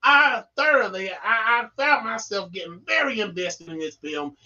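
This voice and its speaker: A man's voice: high voice, expressive, moderate pace, few pauses, bright, forceful tone, muffled recording. A man reviewing a film on a casual live stream, rambling with playful, goofy asides.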